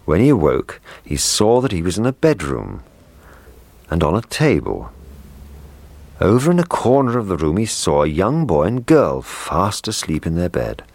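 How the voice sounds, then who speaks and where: A man reads a children's story aloud, gentle and expressive. His voice is very deep but moves lively up and down. The recording is dry and close. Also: moderate pace, no room sound.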